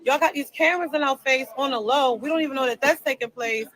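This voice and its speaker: A woman with a high, bright, forceful voice speaks on a casual live stream. She tells her story emphatically, repeating herself as she presses each point. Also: poor audio. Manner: emphatic, repetitive, fast storytelling.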